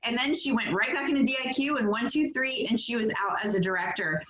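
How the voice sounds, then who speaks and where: Echoey, dull lo-fi call audio carries a fast-talking woman with a fairly high, slightly bright voice. She's directing a sales team on a motivational call, chatty and upbeat, laughing a lot and filling her speech with fillers.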